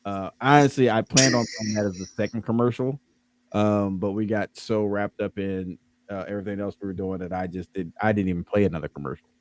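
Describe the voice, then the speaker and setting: A man's voice: lowish voice, fairly even intonation, brisk, a little hiss or hum. A man hosting a podcast, wrapping up in a loose, rambling, joking way with lots of ums. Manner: rambling, jokey, many fillers. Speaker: podcast host. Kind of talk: casual podcast wrap-up.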